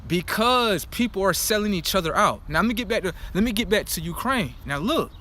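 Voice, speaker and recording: Insistent male ranter, high-pitched and emphatic. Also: a little fast. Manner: animated, insistent, repeats "look" and "pay attention". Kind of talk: casual monologue rant.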